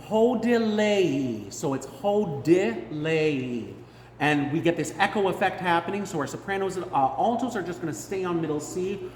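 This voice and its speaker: A woman's voice: on the low side, a little fast, slight background noise. A woman choir director leading a rehearsal, singing each part to demonstrate it and then explaining it. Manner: sings parts to demonstrate, then explains them. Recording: roomy hall with long reverb, loud music.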